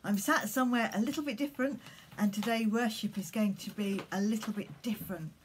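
A woman leading collective worship for primary school children, speaking gently and reading them a story. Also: medium pitch, fairly quick, a little hiss or hum.

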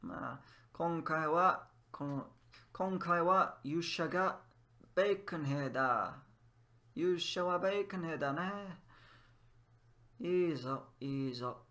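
A man's voice: a little high, slow, long pauses, bright, forceful tone. A man giving casual gameplay commentary while teaching Japanese, trying out phrases and explaining them in English as he plays. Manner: switches between Japanese phrases and English explanations, musing aloud. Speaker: language teacher playing a game.

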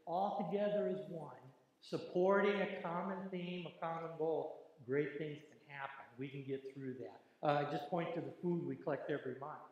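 A man's voice: on the high side, fairly even intonation, normal speed, hardly any pauses, a little mellow, dull audio. A man giving casual church announcements in a folksy, joking manner from the front of a large sanctuary, with plenty of ums and uhs. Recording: very echoey church hall, faint noise.

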